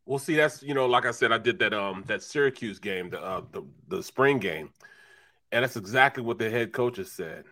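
A man's voice: lowish voice, animated, moderate pace, bright, forceful tone. A man co-hosting a sports talk show in an easygoing, conversational way. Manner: easygoing, conversational, retells a coach's words. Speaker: sports radio co-host.

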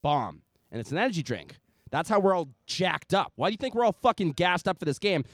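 A man's voice: high voice, sing-song, fairly quick, dry recording, studio quality. A man hosting a podcast, reading a sponsor ad in a hyped, joking, profane way. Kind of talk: loud casual ad read.

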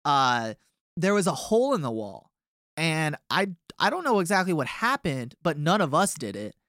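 A man's voice: on the high side, very animated, moderate pace, a bit bright, dry recording, clean studio sound. A young man from a touring band telling a long tour story in a casual, rambling way with many fillers.

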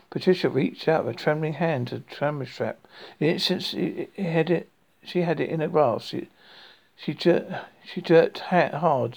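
A man reads a horror story aloud for his podcast, stumbling and restarting now and then. His voice is gravelly and husky. It sits a little high for a man. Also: darkish tone. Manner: unpolished reading with frequent restarts.

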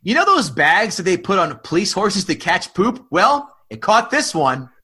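A man's voice: high voice, sing-song, moderate pace, bright, forceful tone, slightly rough. A man hosting a podcast, joking and swearing freely while he asks his guest questions over a video call. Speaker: podcast host. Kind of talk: casual chat.

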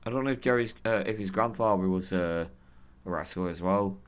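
A hoarse man co-hosting a podcast, rambling, swearing and laughing in casual chat. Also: low voice, fairly quick. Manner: rambling, profane, laughing often. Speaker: podcast co-host.

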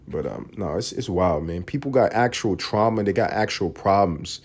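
A man's voice: mid-range voice, expressive, a little fast, few pauses, darkish tone. A man hosting a solo podcast, ranting in a profane, heated and sarcastic way. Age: adult parent. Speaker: podcast host.

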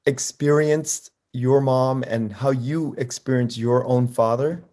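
A man's voice: mid-range voice, slow pace, mellow. Inquisitive man hosting an interview. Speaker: podcast host. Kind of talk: casual interview.

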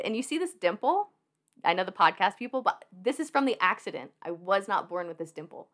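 A young woman guesting on a podcast, telling a story in a casual way. Her voice moves up and down a lot, and she laughs and fills in with "like" often. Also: medium pitch. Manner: animated, laughing, lots of fillers.

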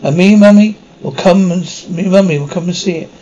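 A man's voice: high-pitched, fast, mellow, highs cut off, close to an everyday voice. An actor playing a rambling, childlike male prisoner who shows off his tattoos and keeps stumbling over his words. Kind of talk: mockumentary comedy acting.

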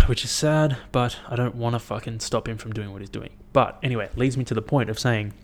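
A young man talking to camera in a casual, rambling monologue, blunt and swearing a lot as he thinks out loud. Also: mid-range voice, a little fast, a little hiss or hum. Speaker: vlogger.

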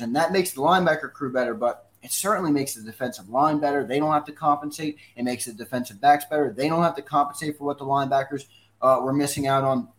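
A man co-hosting a sports talk show, speaking conversationally and putting long questions to his guests. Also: medium pitch. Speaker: fill-in sports radio co-host.

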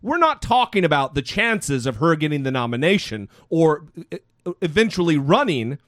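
A male podcast host talks in a casual chat, sarcastic and fed up. His pitch swings widely. The sound is close and dry. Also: very animated, moderate pace, fairly bright tone, dry recording. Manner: sarcastic, exasperated.

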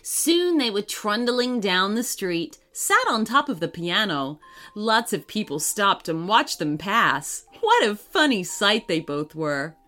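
A woman narrating a children's story in a gentle, expressive reading manner. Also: medium pitch, slow pace. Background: faint music.

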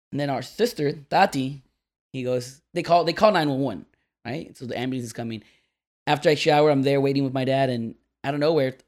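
A man telling a long, rambling story to friends on a podcast, animated and laughing as he goes. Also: on the high side. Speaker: podcast co-host. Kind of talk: casual storytelling among friends.

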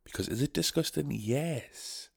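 A man's voice: mid-range voice, a little slow, gravelly, husky, no echo, studio quality. A young man from North East England, hosting a casual solo podcast, rambling and sarcastic, swearing freely. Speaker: podcast host.

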